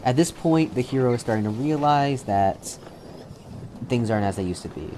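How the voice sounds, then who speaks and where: A man's voice: medium pitch, animated, normal speed, warm tone, a little hiss or hum. A man narrating a tabletop game as game master, laid-back, with many fillers and restarts.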